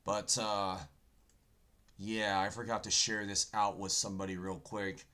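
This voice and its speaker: His voice sits fairly low, bright and forceful, with a flat, measured delivery. The man streams casually from his computer, wandering through folksy talk full of "folks" and "okay" while insisting on points from the Bible, typing audible in the background.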